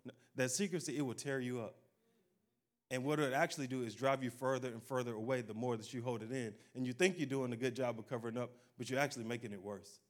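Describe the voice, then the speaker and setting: A man's voice: mid-range voice, fairly even intonation, fast talker. A man preaching a sermon in a folksy, conversational way, calling out "amen" and acting out quotes. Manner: exhorting, call-and-response preaching. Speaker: pastor.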